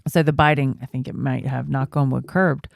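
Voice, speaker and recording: Woman, 30s, podcast co-host, gravelly voice, dry close sound, chatty storyteller. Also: very deep voice, fairly even intonation, normal speed, no echo. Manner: storytelling, laughs often, many fillers. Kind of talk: casual chat.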